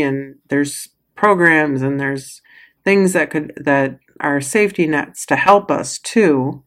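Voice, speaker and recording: A woman's voice: sits low, unhurried. A middle-aged woman giving a casual motivational talk as a coach, emotional, sighing and laughing often. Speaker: coach or healer with clients.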